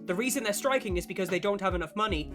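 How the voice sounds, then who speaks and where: Guitar music plays in the background as a man streaming games talks rapid-fire in a high voice. Still getting over a cough, he rambles to his chat, responding to comments with profane jokes.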